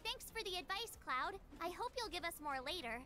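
A woman's voice: extremely high pitch, animated, fairly quick, sharp tone, soft background music, heavily acted. A woman voicing a cheerful, eager young female fighter in video game dialogue, earnest and grateful.

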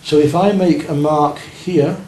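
An art teacher runs a painting lesson for beginners, guiding and encouraging them and checking their work as he paints. He speaks unhurriedly with fairly even intonation, a fairly high pitch, and a darkish tone. The recording sounds roomy, with faint noise.

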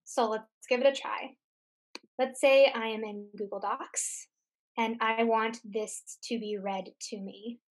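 A woman tech tutor giving a screen-share software lesson, explaining each step patiently. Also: on the high side, fairly even intonation, unhurried. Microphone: computer mic on a recorded webinar.

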